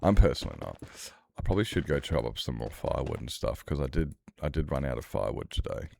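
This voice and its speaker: Low, gravelly-voiced man chatting casually. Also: very animated, quick pace, a little mellow, dry recording. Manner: rambling and swearing, with frequent laughs. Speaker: streamer. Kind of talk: casual chat while playing a game.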